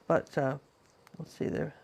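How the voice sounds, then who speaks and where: A woman's voice: a little slow, a little mellow. A woman, a painting teacher, casually telling a personal story in a chatty, rambling way with lots of asides.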